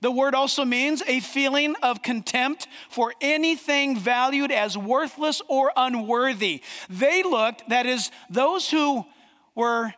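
A pastor preaches with emphatic, dramatic pauses, his voice pitched very high and bright. The sound carries a long reverb from a large hall. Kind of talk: sermon.

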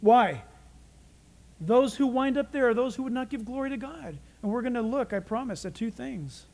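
High-voiced man preaching dramatically. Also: normal speed, darkish tone. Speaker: pastor. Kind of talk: sermon.

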